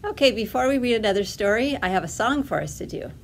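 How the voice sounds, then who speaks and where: A woman librarian leading a toddler storytime, reading a picture book aloud in a gentle, animated way. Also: a little high, fast, a little hiss or hum. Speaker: children's librarian.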